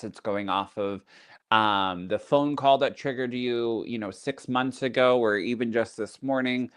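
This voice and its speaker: A man's voice: lowish voice, fairly bright tone, no echo, studio quality. A man who teaches as a psychic medium, talking casually on a podcast in a chatty teaching tone full of fillers.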